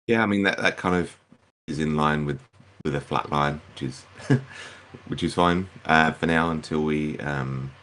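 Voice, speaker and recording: A man's voice: extremely low pitch, measured pace, fairly bright tone. A man speaking as a guest on a casual community call over a remote link, easygoing and a bit hesitant.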